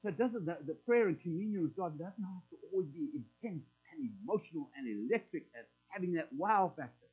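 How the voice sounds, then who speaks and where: A man's voice: a little high, lively intonation, brisk, hardly any pauses. A middle-aged man preaching a sermon in a folksy, conversational way, acting out prayers in quoted voices. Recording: tinny phone-like line with mains hum.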